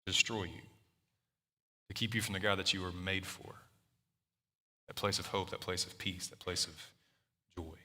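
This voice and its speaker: A male pastor delivers a sermon in a casual, conversational style, often stopping to restart a phrase. His voice sits low and comes across hard and forceful. A long reverb carries it through a large hall. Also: steady tone, normal speed, long pauses. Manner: conversational preaching, frequent fillers and restarts.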